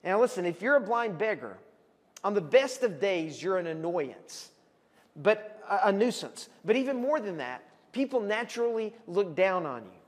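A man, a pastor preaching a sermon and telling the story vividly, at times calling out loudly as the people in it. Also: high voice, normal speed. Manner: animated storytelling, acts out shouting voices. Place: church hall. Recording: long hall reverb.

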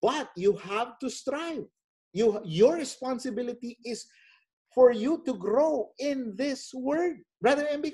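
A man's voice: extremely high pitch, a little mellow. A man with a Filipino accent teaching a Bible study, switching between English and Tagalog in an earnest, exhorting way.

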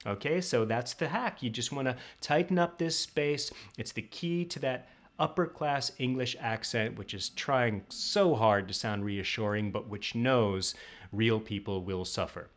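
A man hosting a short comedic dialect lesson, brisk, jokey and instructional. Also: mid-range voice. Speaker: comedic dialect coach and host. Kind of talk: comedic web sketch.

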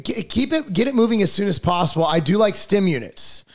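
A man's voice: sits high, big pitch swings, brisk. A middle-aged man ranting in a casual podcast chat, swearing freely and getting heated. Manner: profane, fired-up ranting.

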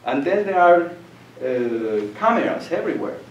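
A man's voice: on the high side, normal speed, dull audio. An older man gives a lecture, telling vivid stories and slipping into voices for the people in them. He sits well back from the microphone in a reverberant hall. There is a faint background hiss. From Colombia. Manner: animated storyteller, acts out voices and laughs. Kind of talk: public lecture with storytelling. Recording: echoey room, distant mic, faint noise.

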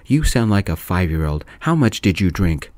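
Storybook: man voicing a fed-up mother, firm scolding, slightly raised low voice. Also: very animated, normal speed, a little mellow, no echo. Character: stern exasperated mother of the bride.

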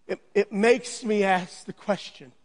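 A man's voice: sits high, steady tone, unhurried, big-room sound. A man preaching a sermon, earnest, with repeated phrases, building now and then to a raised, emphatic voice. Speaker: pastor.

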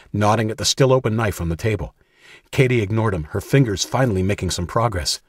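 A man narrating an audiobook in a steady, measured storytelling voice. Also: fairly low pitch, husky, no room sound, studio quality.

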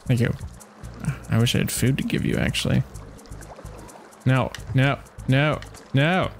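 With soft music in the background, a gravelly, mid-range-voiced let's play gamer talks unhurriedly, leaving long pauses. He casually chats to himself and to the game's creatures, often breaking into laughter.

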